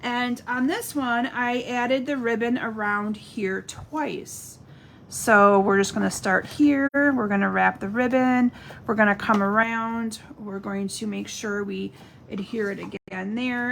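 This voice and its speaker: A woman's voice: on the high side, gravelly, fairly bright tone, slight background noise. A middle-aged woman demonstrating card making on a live stream, chatting and answering viewer comments as she works. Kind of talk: live-stream craft demo.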